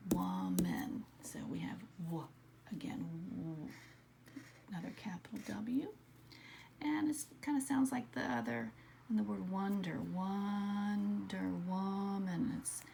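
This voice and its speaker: A woman teaching an early-grade writing lesson, slowly sounding out letters and words in a soft, often whispered voice. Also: mid-range voice, vocal fry, a little hiss or hum. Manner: slow, patient, sounding out letters.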